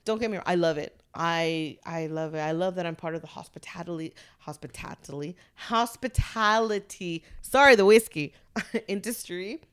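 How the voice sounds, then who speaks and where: A woman chef chatting casually, animated and laughing often, swearing freely. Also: on the low side, brisk, clear, resonant tone. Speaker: chef, guest. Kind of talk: casual tipsy chat.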